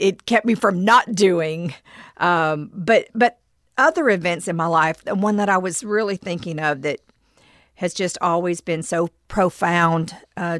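A middle-aged woman telling a personal story, reflective and halting, with frequent pauses and restarts. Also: lowish voice, fairly bright tone, dry recording, clean studio sound. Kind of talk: personal testimony.

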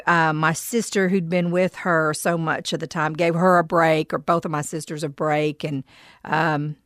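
Middle-aged woman, low voice, halting testimony; dry and close. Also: a bit bright, no room sound. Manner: reflective and halting, with frequent pauses and restarts. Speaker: storyteller. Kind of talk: personal testimony.

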